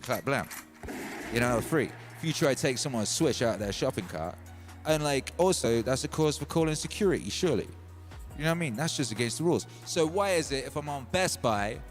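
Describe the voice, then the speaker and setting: A man hosting a livestream, telling a long, playful story in a rambling, slangy way. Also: mid-range voice. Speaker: livestream host. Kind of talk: casual storytelling monologue.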